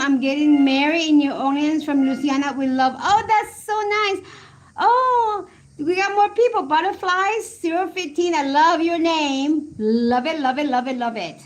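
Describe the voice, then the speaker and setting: A woman in her forties from Colombia with a high voice talks slowly as she hosts a live stream. She chats casually, laughs often and reminisces, reading comments from her chat between stories. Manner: chatty, laughs often, reminiscing over photos. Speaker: livestream host.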